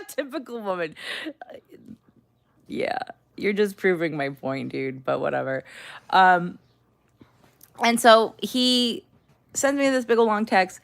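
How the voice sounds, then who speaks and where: Woman streamer, low-ish voice, casual venting, exasperated. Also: creaky. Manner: talks back to chat. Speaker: livestreamer. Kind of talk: casual livestream chat.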